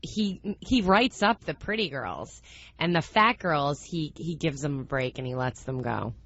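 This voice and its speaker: A woman's voice: sits low, expressive, unhurried, fairly bright tone, highs cut off. A woman on a radio talk show, chatting casually and reacting agreeably.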